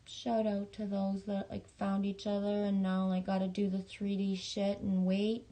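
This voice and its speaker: A woman chats on her livestream in a level, narrow-pitched voice that barely rises or falls. She rambles and restarts her sentences, swears now and then, and speaks affectionately to her viewers. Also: monotone, measured pace, warm tone. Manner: affectionate, talking straight to viewers. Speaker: livestream host. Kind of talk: casual livestream chat reading viewer messages.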